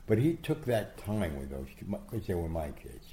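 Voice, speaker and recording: An older man spins anecdotes as an interview guest, acting out what people said. His voice sits low and gravelly. The room around him is roomy and echoing. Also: moderate pace, hardly any pauses, a little hiss or hum. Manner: animated, acts out quotes, many restarts. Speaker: guest storyteller. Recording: echoey room.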